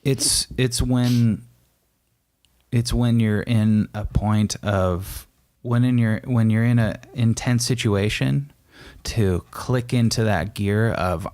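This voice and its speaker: Low-voiced male podcast co-host, earnest and calm, dry close recording. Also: takes it slowly, dry recording. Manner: earnest and reassuring, calm coaching tone. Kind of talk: casual couple's podcast chat.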